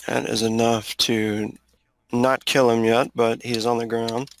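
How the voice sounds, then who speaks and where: Flat gravelly game master. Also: male voice, mid-range voice, a little slow, a little hiss or hum. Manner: relaxed, explains rules and outcomes. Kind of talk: running a tabletop game over voice chat.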